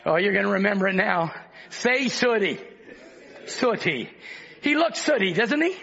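A man preaching a sermon with fervor, breaking into shouts and then dropping low to talk with the congregation. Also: animated, normal speed, vocal fry, breathy edge, highs cut off.

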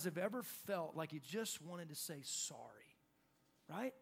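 Young male pastor, light high voice, lively sermon delivery with acted-out lines. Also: unhurried, creaky, husky. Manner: animated, acts out shouted quotes.

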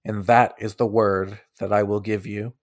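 Stern guarded princess, voiced by a male game master, low and quiet. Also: flat delivery, normal speed, natural voice.

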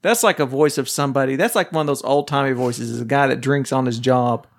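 A man's voice: mid-range voice, quick pace. A man hosting a board game podcast in casual chat, teasing and playful.

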